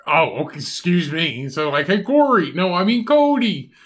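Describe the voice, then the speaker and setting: Bright-voiced, ranting man. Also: high voice, animated, moderate pace. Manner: ranting, heavy swearing. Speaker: podcast co-host. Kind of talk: casual podcast banter.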